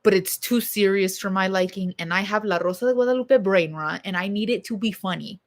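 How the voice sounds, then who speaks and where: A young woman rambles to her viewers from home in a loose, off-the-cuff chat. She speaks at an ordinary middle pitch, with blunt opinions and casual swearing. Her tone stays unpolished and conversational. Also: a little fast. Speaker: vlogger.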